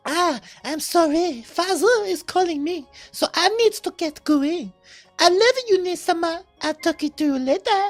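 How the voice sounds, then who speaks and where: A streamer voicing a polite, affectionate young sister in a visual novel, reading gently and formally. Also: very high-pitched, a little slow, no echo, soft background music.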